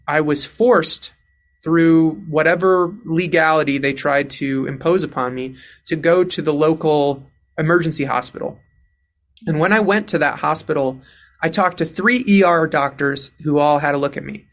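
A man recounting a personal story in an earnest, self-assured, steady way. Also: fairly high pitch, moderate pace. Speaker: interviewee.

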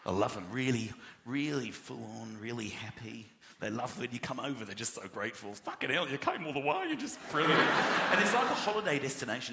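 A man performing a stand-up comedy routine, acting out voices and shouting punchlines. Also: mid-range voice, vocal fry. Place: live comedy venue with audience. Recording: roomy live venue with loud crowd noise. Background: audience laughter.

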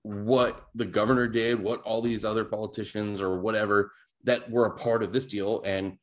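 A man co-hosting a casual sports podcast, talking in halting, restarting sentences. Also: on the low side, flat delivery. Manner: halting, restarts often with fillers. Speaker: podcast co-host.

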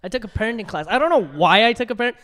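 A young man co-hosting a casual podcast chat, an animated storyteller who laughs often. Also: high-pitched, racing. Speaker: podcast co-host.

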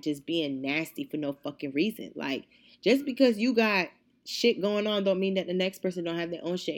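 A young woman host telling a story in casual chat, animated and profane, getting heated as she retells it. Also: fairly low pitch. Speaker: podcast host.

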